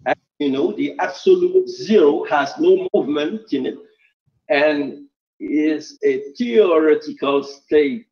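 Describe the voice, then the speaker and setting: A man with a Quebec French accent asks his questions in careful, deliberate English, a little higher than most men. He speaks slowly, and the audio is dull and lo-fi, like an online call. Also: darkish tone. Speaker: caller asking questions.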